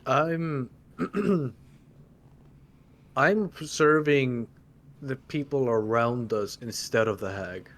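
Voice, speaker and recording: A man's voice: mid-range voice, fairly bright tone. A man plays in a tabletop role-playing game, describing his character's actions. He stumbles over words and restarts often, joking about blanking on things. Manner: halting, stumbling, self-joking. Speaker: player. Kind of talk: casual tabletop play.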